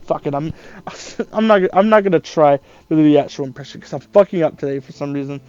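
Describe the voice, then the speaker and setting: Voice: medium pitch, brisk, darkish tone, smooth, no room sound, muffled recording. A let's play commentator talking loosely over gameplay, self-deprecating and swearing casually.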